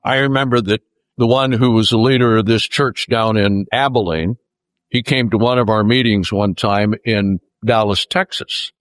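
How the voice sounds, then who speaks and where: A man giving a Bible teaching sermon, reading scripture aloud and slowing down to stress key words. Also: lowish voice, dry recording. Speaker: preacher.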